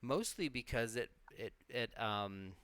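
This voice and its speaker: A man's voice: mid-range voice, lively intonation, slow, a bit bright, clean tone, no room sound. A man co-hosting a live stream, talking in a loose, reflective way, swearing freely and restarting his sentences often. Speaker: co-host of a live witchcraft stream. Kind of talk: casual rambling talk.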